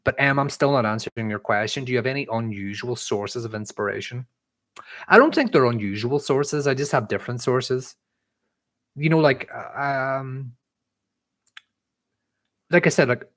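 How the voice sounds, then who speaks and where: A man's voice: medium pitch, moderate pace, fairly bright tone. A young man with a mixed Irish accent hosts a casual live-stream Q&A, chatting loosely and reading viewer questions aloud with lots of "um" and "like". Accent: mixed Irish, shifted by living abroad. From Northern Ireland. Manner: chatty and rambling, many "um" and "like" fillers, reads chat messages aloud. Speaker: livestream host answering viewer questions.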